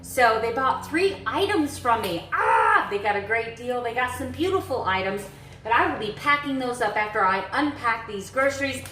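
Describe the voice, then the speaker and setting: A woman rambles through a casual day-in-the-life vlog, making friendly asides to her viewers as she unpacks in her kitchen. Her voice sits a little high, and the room around her sounds roomy and echoey. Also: lively intonation, moderate pace, sharp tone. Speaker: vlogger. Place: home kitchen.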